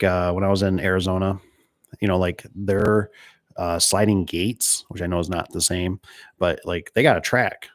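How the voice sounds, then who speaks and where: A man's voice: deep voice, dry recording, studio quality. A middle-aged man from Michigan who runs a door and gate business, chatting casually while reading viewer comments and rambling through stories. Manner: rambling, storytelling, mimics voices in quotes. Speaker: door and gate installer hosting a live stream.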